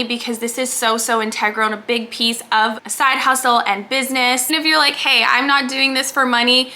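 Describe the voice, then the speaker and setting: A woman coach speaks straight to the camera in an upbeat, emphatic motivational talk. Her voice sits high and sounds bright and forward. She leans hard on key words to spur listeners on. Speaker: business mindset coach.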